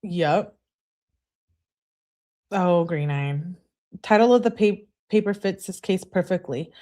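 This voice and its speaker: A woman's voice: fairly low pitch, animated, slow pace, warm tone. A woman giving casual true crime commentary with blunt, sarcastic asides while reading texts and chat comments.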